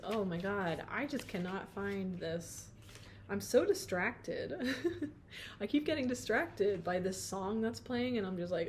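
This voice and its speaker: A woman talks through a tarot reading in a loose, chatty way, reading out card meanings and then riffing on them. She's playful and quick to laugh at herself, now and then drifting into a few sung notes. A faint hiss sits beneath her voice. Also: mid-range voice, lively intonation. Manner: chatty, self-interrupting, sings snatches of song.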